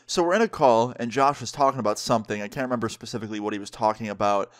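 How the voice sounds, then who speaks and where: A young man telling a story in a casual, animated storytime vlog. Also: on the low side, racing. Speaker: vlogger.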